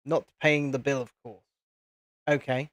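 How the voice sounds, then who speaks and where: A man's voice: mid-range voice, fairly even intonation, measured pace, a bit bright, no echo. A British man hosting a casual live stream from his home setup, chatty and rambling as he answers viewers. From United Kingdom. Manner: chatty, rambling, reads viewer chat aloud. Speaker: livestream host. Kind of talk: casual live stream chat while building.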